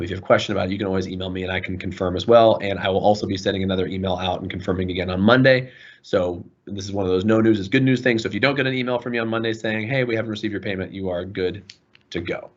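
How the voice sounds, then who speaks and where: A man with a fairly low voice leads an online session for parents, answering questions in an earnest, apologetic way. The sound is dull and lo-fi, like video call audio. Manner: earnest, apologetic, warm toward students. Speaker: school administrator.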